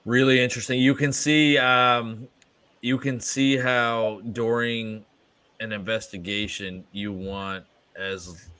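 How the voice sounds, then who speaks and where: A man's voice: mid-range voice, steady tone, takes it slowly, pushed and bright, clean tone, no echo. A man hosting a podcast interview, asking curious, encouraging questions in a casual chat. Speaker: podcast host.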